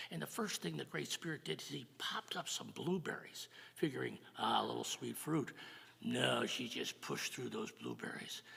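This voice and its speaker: An older man hosting a live church jazz service, announcing events and telling a folk story in a folksy, halting way. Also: mid-range voice, vocal fry, bright, forceful tone, breathy edge. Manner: folksy, halting, with fillers and repeats. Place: church sanctuary. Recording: live church broadcast with long reverb.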